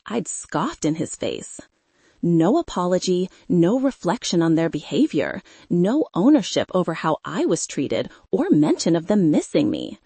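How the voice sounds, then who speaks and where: Brief: woman audiobook narrator, measured and restrained, dark husky tone, dry close studio sound. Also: fairly low pitch, dry recording. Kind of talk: scripted first-person narration.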